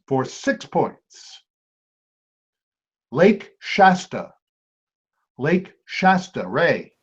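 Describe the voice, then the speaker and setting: A man hosting a trivia quiz, reading clues aloud and repeating each one slowly. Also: a little high, very animated, breathy edge. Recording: dull lo-fi amateur recording.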